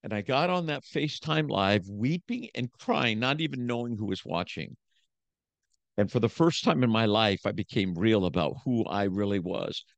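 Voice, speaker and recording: A man's voice: lowish voice, lively intonation, moderate pace, gravelly, no echo, muffled recording. A man who is a motivational speaker and preacher, telling his story in a casual podcast interview with emphatic, repetitive phrasing.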